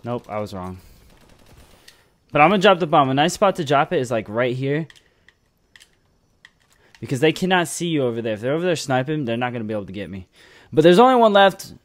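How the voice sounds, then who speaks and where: A young man giving casual, excitable commentary over a shooter game, cursing freely and tagging "man" onto his lines. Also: mid-range voice, a little fast, pauses often. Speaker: gameplay commentator.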